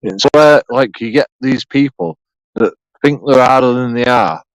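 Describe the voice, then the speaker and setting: Bloke ranting to camera, swears a lot, dry close sound. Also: male voice, mid-range voice, a little slow, no echo, rough recording. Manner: profane, rambling, sarcastic, repeats himself. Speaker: YouTube auditor. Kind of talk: rambling solo vlog monologue.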